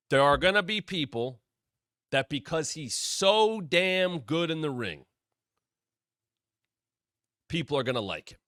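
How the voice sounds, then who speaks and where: Man, podcast host, blunt opinionated commentary, crisp dry close sound, bright tone. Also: mid-range voice, no echo. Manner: animated, blunt, casual swearing.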